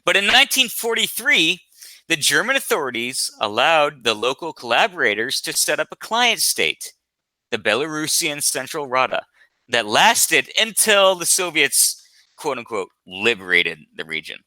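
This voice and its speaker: Mocking high-voiced man in an argument. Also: sing-song, normal speed, bright, forceful tone, dry recording. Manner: mocking, profane, talks over others. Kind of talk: heated online argument.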